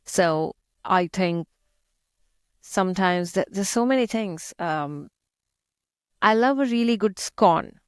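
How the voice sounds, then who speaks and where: A woman's voice: mid-range voice, expressive, slow, long pauses, clear, resonant tone, dry recording, studio quality. A young woman from India with an Indian accent, chatting as an interview guest, laughing often and using many fillers. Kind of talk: casual interview chat.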